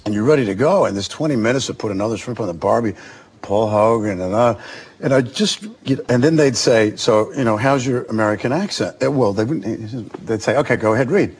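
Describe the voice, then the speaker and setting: An Australian actor in his forties, a talk-show guest telling lively anecdotes and acting out other people's voices. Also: on the low side, a little fast, husky. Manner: animated storyteller, acts out other voices. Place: television studio.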